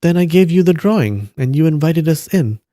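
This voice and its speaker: A man voicing a clever, spoiled and defiant young woman, pitching his voice up. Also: animated, brisk, mellow, dry recording, studio quality, natural voice. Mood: triumphant.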